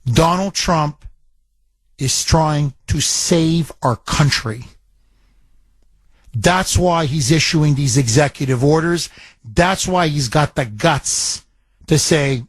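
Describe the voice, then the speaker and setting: A man's voice: on the high side, takes it slowly, dry recording. A man hosting a political talk radio show, ranting in an indignant, emphatic way into a studio mic.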